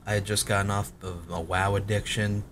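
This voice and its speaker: Deep-voiced man with a cracking voice. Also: level tone, fairly quick, a bit bright, a little hiss or hum. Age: late 20s. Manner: rambling, swears a lot, self-mocking. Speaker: gaming video creator. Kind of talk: casual commentary on his old videos.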